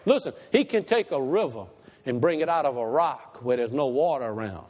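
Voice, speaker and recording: A man preaching a sermon as pastor, swinging from loud emphatic peaks to quiet asides. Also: mid-range voice, animated, fairly quick. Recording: long hall reverb.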